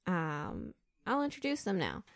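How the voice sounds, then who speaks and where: A woman's voice: on the low side, huge pitch swings, measured pace. A woman hosting a casual podcast, playful and drawling, laughing between lines as she introduces her co-hosts. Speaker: podcast host.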